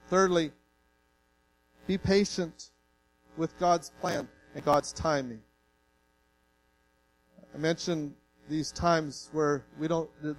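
A man from Canada preaches in an earnest, folksy sermon style, his voice sitting a little high for a man. He tells plain stories and jokes at his own expense before pressing his point with feeling. A faint electrical hum runs under the recording. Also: low-quality recording. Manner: earnest, folksy, emotional, self-deprecating humor. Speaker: pastor.

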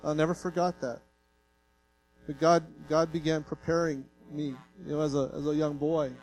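A man's voice: on the high side, flat delivery, moderate pace, a little mellow, faint music behind, poor audio. Earnest, folksy male pastor preaching. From Canada. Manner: earnest, folksy, emotional, self-deprecating humor. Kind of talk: sermon.

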